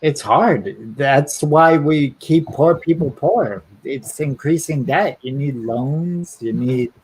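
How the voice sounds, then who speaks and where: A man's voice: fairly high pitch, slow, a little mellow, rough recording. A man hosting an interview chat as a therapist, easygoing and agreeable, over a video call. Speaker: therapist and show host.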